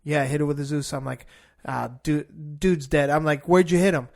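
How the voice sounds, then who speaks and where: A man hosting a podcast in casual chat, animated and swearing while retelling a phone call. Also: a little high, moderate pace, vocal fry.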